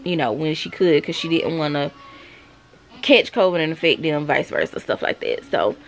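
A woman's voice: deep voice, expressive, normal speed, gravelly. A woman in her thirties, a mother chatting casually and confidingly to her viewers at home. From South Carolina, US. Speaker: vlogger, mother. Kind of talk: casual chat to camera.

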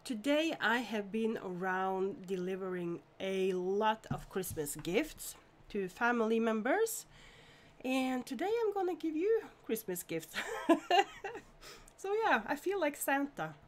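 A woman's voice: on the high side, lively intonation, measured pace. A woman from Norway hosting a casual live stream, chatting and greeting viewers by name with frequent laughs.

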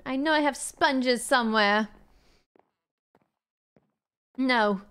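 A woman streaming a game live, putting on a mock-haughty diva manner and calling her chat "darling", with sudden swoops into shrill indignation. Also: a little slow, pauses often, fairly bright tone, smooth. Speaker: gaming streamer.

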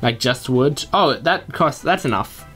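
A man doing Let's Play commentary at his computer, chatting to himself and breaking into excited high yelps. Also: a little slow, soft background music. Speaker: gaming YouTuber.

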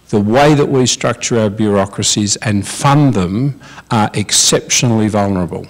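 A man's voice: mid-range voice, poor audio. A man on a discussion panel, making blunt, skeptical, pessimistic points about policy.

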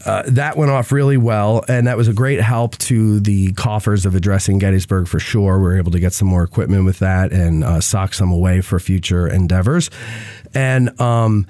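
Congested man hosting, low mellow voice. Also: moderate pace, no room sound. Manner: rambling, self-interrupting with many fillers. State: congested from a cold, coughing. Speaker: podcast host. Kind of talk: casual chat.

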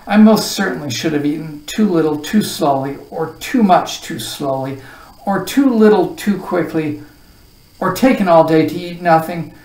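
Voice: medium pitch, lively intonation, normal speed, a little mellow, pitched above the performer's own voice, lightly acted. A reader voicing a pompous, talkative male humbug bug in a storybook reading, raised and wordy. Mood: wheezing. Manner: wordy, pompous, wheezing from overeating. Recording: roomy echo, voice far from the mic.

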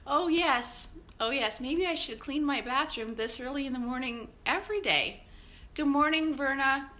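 Bright chatty lady pastor, kinda high voice, upbeat morning devo stream. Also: moderate pace. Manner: chatty, upbeat, greeting viewers by name. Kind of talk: live-streamed morning devotional.

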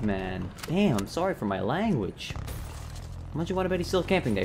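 Young male gamer, venting loudly; lively up-and-down delivery over faint noise. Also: mid-range voice, a little fast, gravelly. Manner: frustrated, swearing, yelling at opponents. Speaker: gaming YouTuber. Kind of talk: live gameplay commentary.

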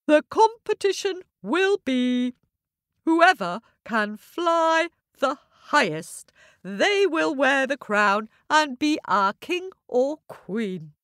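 A woman's voice: high voice, big pitch swings, takes it slowly, fairly bright tone, no echo, clean studio sound, voice pushed up, heavily acted. A woman playing a wise, bossy old owl. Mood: commanding. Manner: hooting, firm and bossy.

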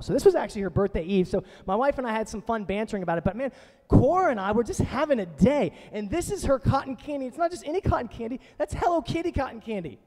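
High-voiced, lively male pastor preaching. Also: big-room sound. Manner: casual, chatty preaching with frequent asides. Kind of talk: conversational sermon. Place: church sanctuary.

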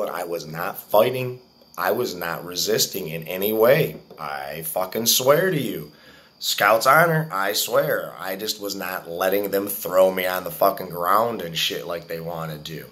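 A man's voice: low-pitched, unhurried, a bit bright. A man in his forties telling a story to his viewers in a casual, profane, boastful way. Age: 40s. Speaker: vlogger.

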